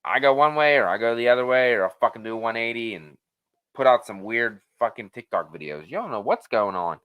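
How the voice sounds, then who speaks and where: A man's voice: mid-range voice, a little fast, smooth. A man hosting a casual live-stream Q&A, rambling and swearing freely as he reads the chat. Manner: rambling, profane, animated.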